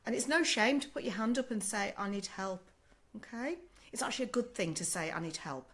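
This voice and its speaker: Older aussie lady doing a live q&a, motherly and chatty, keeps saying okay love, voice a bit rough from a sore throat. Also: medium pitch, brisk. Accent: Australian. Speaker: sleep consultant answering live questions. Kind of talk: casual live-stream Q&A.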